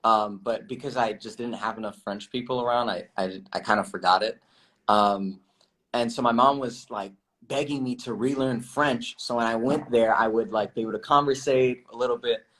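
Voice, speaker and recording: Young male actor, relaxed livestream chat, giggly, filler-heavy, mid pitch. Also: moderate pace. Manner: relaxed, laughs often, many fillers and restarts. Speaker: actor guest. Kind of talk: casual livestream interview.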